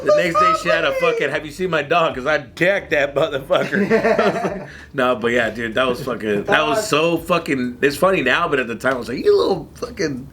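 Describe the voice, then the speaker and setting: A man telling a story in casual podcast chat, animated and profane, acting out other people's voices with sudden jumps in pitch. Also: normal speed, a crowd in the background.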